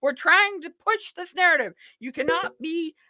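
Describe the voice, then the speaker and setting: A woman's voice: very high voice, animated, normal speed, sharp tone, no echo. A woman hosting a live political talk show, rambling and mocking in a sarcastic tone. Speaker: show host.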